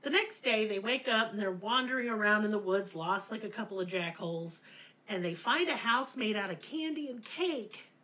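A woman's voice: mid-range voice, expressive, normal speed, bright, forceful tone. A middle-aged woman hosting a podcast, telling a fairy tale in a crude, sarcastic, comic way. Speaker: podcast host. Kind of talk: profane comedic storytelling.

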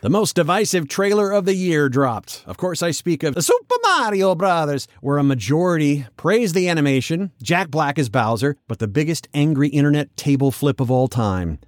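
A man hosting his own podcast in a lively, chatty way. His pitch leaps up and down as he talks, and the close mic picks up almost no room sound. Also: no echo, soft background music. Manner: animated, chatty, jumps into quick character voices. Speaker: podcast host. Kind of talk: casual solo podcast commentary.

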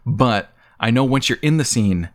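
A man's voice: mid-range voice, lively intonation, normal speed. A man hosting a casual podcast chat, playful and laughing often as he reads through a list. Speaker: podcast host.

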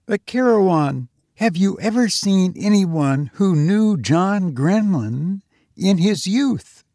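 A wary gentleman friend, read by a man, speaking slowly and with hesitation. His voice is gravelly and a little higher than most men's. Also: animated, no echo, studio quality, full character voice. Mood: uneasy. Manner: hesitant, measured.

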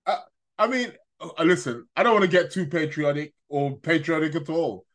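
A man's voice: a little high, moderate pace, a bit bright. A man hosting a casual live stream, rambling, stammering through restarts and chuckling at his own remarks. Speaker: astrology live-stream host.

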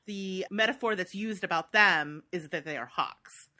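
A woman's voice: on the low side, moderate pace, pushed and bright. A woman co-hosting a podcast, chatting casually and enthusiastically about a book she loves. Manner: enthusiastic, reads passages aloud. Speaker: podcast co-host.

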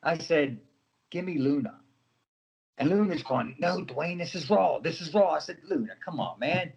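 Animated middle-aged man telling stories. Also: on the high side, moderate pace, vocal fry, slightly rough. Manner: animated, acts out other people's voices in his stories. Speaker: guest, former wrestler. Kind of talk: casual storytelling interview.

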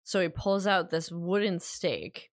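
A woman's voice: on the low side, a little slow, no echo, clean studio sound. A woman co-hosting a podcast, narrating a movie's plot step by step in casual chat and teasing her co-host.

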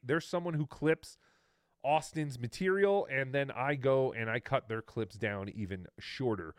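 A man hosts a casual podcast, reacting to clips with dry sarcasm and easy laughter. His voice sits a bit high and moves around a lot. The sound is close and dry. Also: dry recording. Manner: amused, sarcastic, laughing often. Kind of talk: casual commentary.

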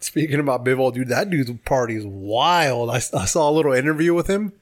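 A man's voice: mid-range voice, fairly quick. A man co-hosting a podcast, chatting casually about sports in a laid-back, rambling way with casual swearing. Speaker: podcast co-host.

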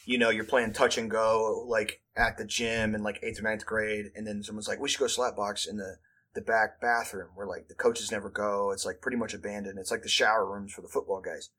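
A man's voice: lowish voice, little pitch movement, fairly quick, sharp tone. A man around thirty telling rambling, profane school stories in casual chat, full of "like" fillers and acted-out quotes.

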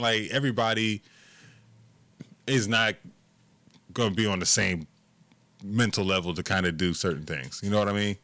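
A man's voice: fairly low pitch, sharp tone, no room sound. A man co-hosting a casual podcast, giving blunt, profane opinions. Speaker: podcast co-host. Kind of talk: casual chat.

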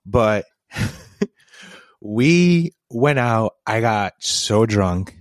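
A man's voice: fairly low pitch, lively intonation, very slow, dry recording. A young man from a Puerto Rican family, co-hosting a podcast and telling a story in a laughing, casual way. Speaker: podcast co-host. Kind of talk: casual chat. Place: home, sitting face to face.

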